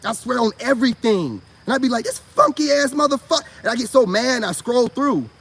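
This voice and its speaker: A man giving a profane, mocking monologue, swinging between high outbursts and low mutters. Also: expressive, brisk, slight background noise. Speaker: online commentator. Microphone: self-recorded video.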